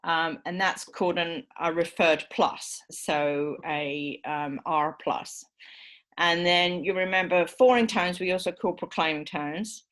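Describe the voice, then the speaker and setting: Low-voiced woman giving a lecture. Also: a little slow, a bit bright. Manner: explanatory, many fillers, acts out example phrasings. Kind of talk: university lecture.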